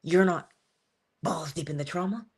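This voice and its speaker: Lower-voiced woman giving casual inspirational talk. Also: normal speed, slightly rough. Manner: casual, earnest, conversational with sudden emphasis. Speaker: motivational speaker. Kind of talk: inspirational monologue to camera.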